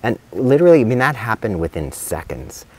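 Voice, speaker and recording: A man's voice: on the low side, very animated, a little fast, darkish tone. A middle-aged male veterinarian giving casual spoken advice, chatty and rambling, with lots of fillers and restarts.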